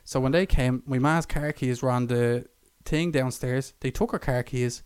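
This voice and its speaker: A young Irish man co-hosts a podcast, spinning a long story in casual chat, swearing, laughing, and acting out the people in it with a raised voice. His voice is medium-pitched and darkish, clean with no echo, at a normal speed.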